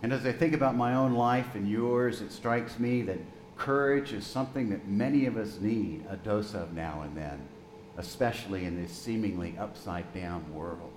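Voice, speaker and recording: A man in his sixties, a pastor preaching a sermon, telling a story gently and slowing down for emphasis. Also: fairly low pitch, reverberant, slight background noise, low-quality recording.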